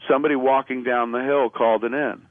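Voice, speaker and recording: Fast-talking man on a tinny radio line. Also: medium pitch, no echo. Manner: animated storyteller acting out quoted lines; loose and profane, with filler words. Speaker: radio show guest. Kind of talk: casual anecdote on a radio talk show. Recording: narrow phone-like radio sound.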